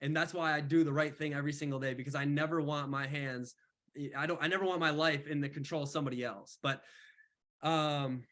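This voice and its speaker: A young man mentoring on an online call, telling his story in casual, animated talk full of slang. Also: on the high side, a little fast. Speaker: mentor speaker.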